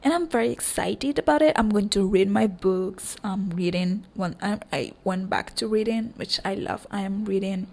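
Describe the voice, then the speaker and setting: A young woman hosting a casual solo podcast, her voice hoarse and cracking, rambling with frequent ums and offering warm affirmations to listeners. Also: mid-range voice, moderate pace, few pauses. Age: young adult. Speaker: podcast host.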